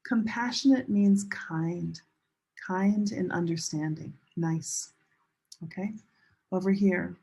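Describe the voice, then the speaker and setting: A woman teaching English as a second language in a recorded online lesson, modeling pronunciation slowly and carefully and repeating words for learners. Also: lowish voice, darkish tone, husky, poor audio. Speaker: ESL teacher.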